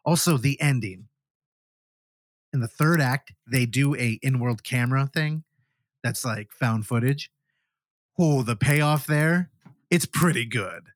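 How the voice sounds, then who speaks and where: A man's voice: mid-range voice, slow, long pauses, no echo, studio quality. A man co-hosting a podcast, casually reviewing a horror film and animatedly acting out the characters' lines as he retells it. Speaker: podcast co-host.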